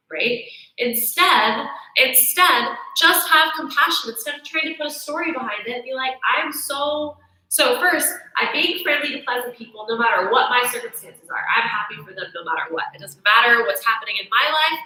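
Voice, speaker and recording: A woman's voice: sits high, moderate pace. Chatty woman yoga teacher, echoey room. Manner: chatty, animated, acts out inner thoughts. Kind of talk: casual teaching talk.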